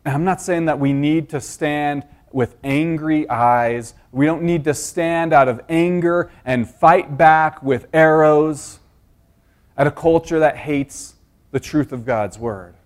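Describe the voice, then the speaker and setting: A man with a high, light voice preaches a sermon. He teaches earnestly, poses rhetorical questions to his listeners and often restarts his sentences mid-thought. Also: takes it slowly.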